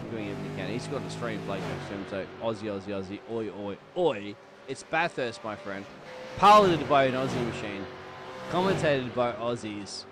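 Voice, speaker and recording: A man's voice: lowish voice, vocal fry. A man commentating a sim race in a hyped, jokey way, full of slangy banter. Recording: loud engine noise behind voice. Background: race car engine noise.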